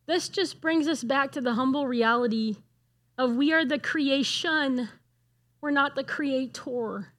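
A woman's voice: high-pitched, measured pace, fairly bright tone. A middle-aged woman giving a conversational sermon, earnest and asking the room questions. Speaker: speaker at a church gathering.

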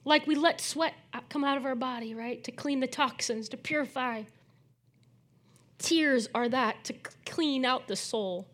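High-voiced woman preaching conversationally. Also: unhurried, fairly bright tone. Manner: conversational, earnest, frequent tag questions. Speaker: pastor. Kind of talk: sermon.

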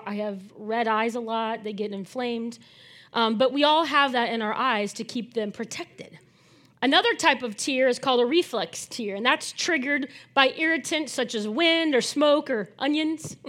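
A woman's voice: high-pitched, a bit bright. A middle-aged woman pastor giving a sermon in an earnest, conversational way, often checking in with her listeners. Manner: conversational, earnest, frequent tag questions.

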